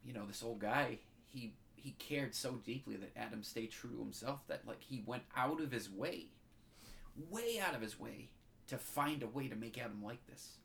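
A choked-up man co-hosting a casual chat, rambling through a heartfelt story with a bright voice. His words come in fits and restarts as emotion catches him. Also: mid-range voice, moderate pace, vocal fry, few pauses, slight background noise. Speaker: podcast co-host.

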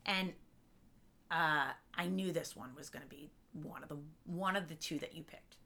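Low-voiced woman chatting casually. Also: normal speed, gravelly, pushed and bright. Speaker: podcast co-host. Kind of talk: casual chat.

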